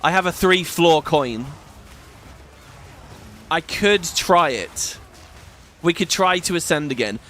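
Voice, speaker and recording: A man's voice: fairly high pitch, lively intonation, slow, long pauses, bright, forceful tone. British dude chatting over his game, rambly and sweary, bouncy voice with a faint background hiss. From Britain. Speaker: gaming YouTuber. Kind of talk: casual gameplay commentary.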